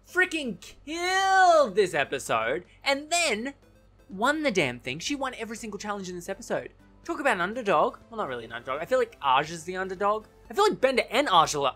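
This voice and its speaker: Man, casual TV recap vlog, opinionated, bright voice, self-correcting, laughs easily. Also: high voice. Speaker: TV recap vlogger.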